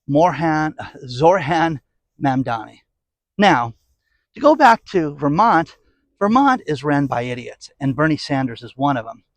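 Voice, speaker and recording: Sarcastic ranting man, fairly high voice. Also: no room sound. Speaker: political commentary vlogger. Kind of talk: opinionated commentary monologue.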